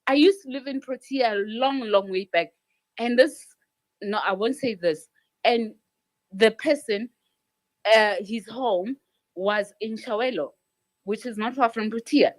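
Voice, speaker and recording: A woman's voice: a little high, a little slow, long pauses. A woman speaking up in a live audio chat room, frustrated and pleading, often repeating herself. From South Africa. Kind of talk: emotional spontaneous speech.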